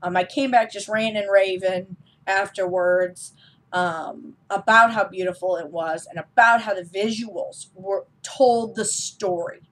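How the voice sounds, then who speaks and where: Woman vlogging a movie review, chatty and excited, lots of ums, medium pitch. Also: unhurried. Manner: chatty and enthusiastic, frequent ums. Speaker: film reviewer. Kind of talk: casual vlog review.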